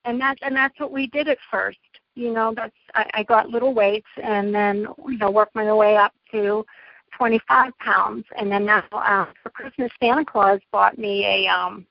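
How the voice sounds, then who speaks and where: A woman's voice: medium pitch, fairly even intonation, moderate pace, vocal fry, no echo. A middle-aged woman, a guest in a casual interview, talking in a chatty, effusive way. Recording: dull lo-fi dry line.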